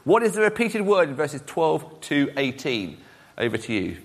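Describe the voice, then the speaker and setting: A man's voice: fairly high pitch, normal speed. A man preaching a sermon, speaking straight to the congregation and putting questions to them. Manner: animated, questions the congregation directly.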